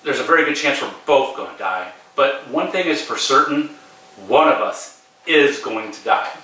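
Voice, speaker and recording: A middle-aged man hosting a podcast tells a personal story in a casual, profane, emphatic manner. His voice is mid-range with a sharp tone, picked up by a distant mic in a very echoey room.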